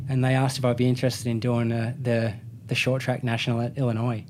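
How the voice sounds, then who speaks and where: A man's voice: mid-range voice, level tone, fast, noisy background. Rambling Australian man spinning a yarn. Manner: rambling, self-correcting anecdote with slang. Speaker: guest, motorcycle racer. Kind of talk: casual storytelling.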